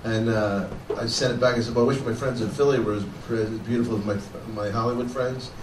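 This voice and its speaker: A man's voice: mid-range voice, quick pace. A man, a comedian, telling profane stories in casual banter on stage. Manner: profane, animated storyteller. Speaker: guest comedian. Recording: echoey room, distant mic, noisy.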